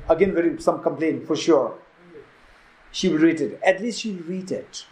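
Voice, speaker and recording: Guy teaching dharma, kinda high voice, roomy echo. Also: normal speed, a little mellow. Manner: storytelling with quoted dialogue, repeats phrases for emphasis. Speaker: Buddhist teacher. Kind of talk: dharma talk at a retreat. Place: retreat hall.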